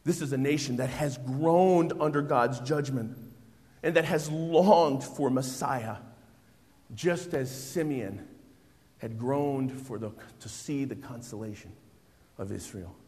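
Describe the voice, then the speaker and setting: A middle-aged man preaching a sermon, swinging between hushed, reflective passages and loud, exclamatory bursts. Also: medium pitch, slow pace. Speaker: pastor. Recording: long hall reverb.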